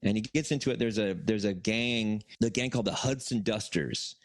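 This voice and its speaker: A podcast co-host tells a story casually in a rambling, profane way, full of fillers and restarts. His voice is lowish and moderately paced, with no echo.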